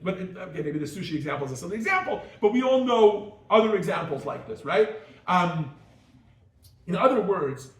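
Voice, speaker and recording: A rabbi giving a lively class, acting out little scenes as he explains. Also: fairly high pitch. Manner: animated, acts out little scenes in different voices. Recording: echoey room, mic far off.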